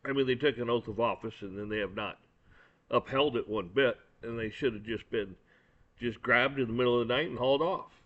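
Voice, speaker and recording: Fairly quick and mid-range, this man's voice carries a blunt, cursing opinion rant full of anger and repeated words. He's a commentator, recorded in dull lo-fi quality.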